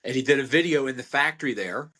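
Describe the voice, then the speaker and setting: An older American man, a longtime butcher, rambles through stories as a guest on a podcast, often restarting and laughing along the way. His medium-pitched voice is fast, bright and forceful, suited to this casual storytelling interview.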